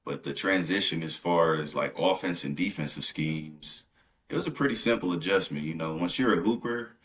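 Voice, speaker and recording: A man from Milwaukee, a podcast guest, telling his story in relaxed casual chat with fillers. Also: low-pitched, normal speed.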